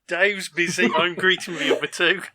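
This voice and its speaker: A man's voice: sits high, fairly even intonation, normal speed, pushed and bright. A man playing in a tabletop game with dry jokes. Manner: dry, joking. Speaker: player. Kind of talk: casual chat at a game table.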